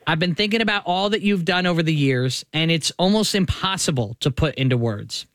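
A male radio host reads a heartfelt letter on air, slow and earnest. His voice sits a little high for a man. The studio sound is close and dry, with no room around it. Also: fairly bright tone, dry recording.

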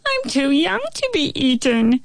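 A woman's voice: sits high, sing-song, a little slow, gravelly, no echo, voice pushed up, exaggerated voice. A woman reading a storybook aloud, voicing a naive, frightened, chatty fly that takes everything literally. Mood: innocent.

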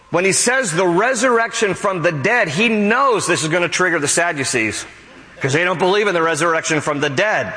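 A male pastor preaching an animated sermon, acting out quotes from the scripture and his own examples. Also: high voice, long reverb tail, rough recording.

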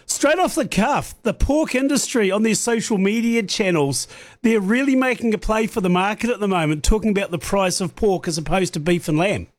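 Blunt joking New radio host. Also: male voice, high voice, moderate pace, dry recording. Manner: blunt, joking, direct questions. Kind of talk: rural radio interview.

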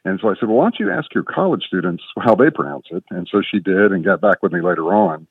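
A man's voice: deep voice, lively intonation, fast, slightly rough, no echo. A man in his fifties from Florida calling in with a question, telling his story in a rambling, self-correcting way. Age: 50s. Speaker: caller. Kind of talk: phone-in question. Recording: tinny phone line, distant.

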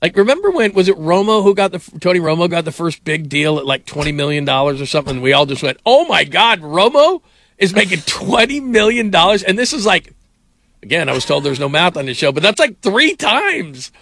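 Bright-voiced rambling sports radio host. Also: male voice, on the high side, big pitch swings, fast talker, no echo. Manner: rambling storyteller, many fillers. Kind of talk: casual sports radio talk.

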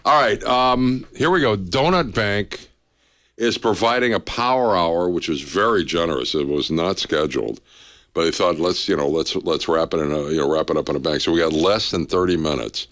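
A man hosting a charity radiothon on the radio, relaxed and joking, a little punchy after a long day. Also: sits low, a little fast. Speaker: radio host.

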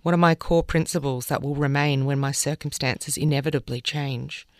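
Female radio presenter; smooth, resonant read in a dry booth. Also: a bass voice, steady tone, moderate pace, dry recording. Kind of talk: reading newspaper columns on air. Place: radio studio.

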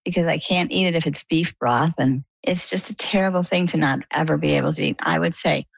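Low, gravelly middle-aged woman storyteller. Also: a little fast, dry recording, poor audio. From Maine, USA. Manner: animated storyteller acting out quoted dialogue. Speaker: interview guest. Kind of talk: conversational storytelling.

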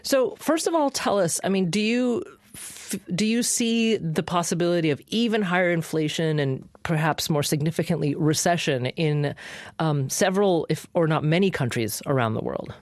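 A woman's voice: on the low side, lively intonation, moderate pace, darkish tone, no room sound, studio quality. A woman hosting a radio interview program, talking conversationally and steering the discussion. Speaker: radio talk show host.

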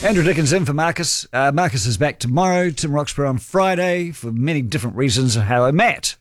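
A man's voice: fairly high pitch, lively intonation, brisk, dry recording, studio quality, faint music behind. A man, hosting late-night talkback radio in a chatty, encouraging way, telling stories. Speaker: fill-in talkback radio host.

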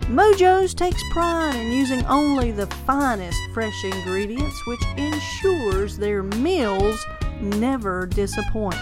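A woman reading a scripted radio ad in a smooth, unhurried promo delivery. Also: high voice. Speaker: ad announcer. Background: music bed.

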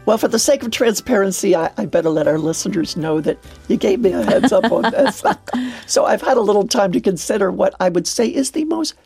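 A woman's voice: mid-range voice, lively intonation, brisk, gravelly, darkish tone, breathy edge, faint music behind. An older woman hosting a devotional radio program, talking earnestly and exclaiming with wonder. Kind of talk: heartfelt devotional radio talk.

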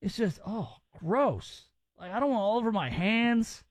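A man's voice: high voice, expressive, unhurried, dry recording. A man from the American South hosting a casual call-in radio show, chatty and emphatic. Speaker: radio host.

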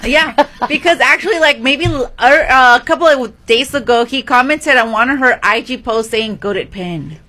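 A woman radio host with a high, bright voice, chatting through celebrity gossip in a giggly, lively manner. Her voice sits well above most women's and has a crisp, sparkling edge. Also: normal speed. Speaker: radio morning show host. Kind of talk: casual radio banter.

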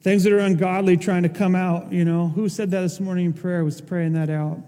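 Male pastor, high warm voice, impassioned sermon delivery, church hall reverb. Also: flat delivery, brisk, a little hiss or hum. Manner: impassioned, rising to emphatic peaks.

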